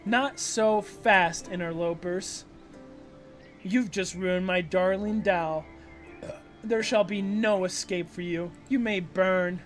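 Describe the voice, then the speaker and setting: Dude reading a haughty witch, slow and threatening, super cold. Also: high-pitched, soft background music. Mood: menacing.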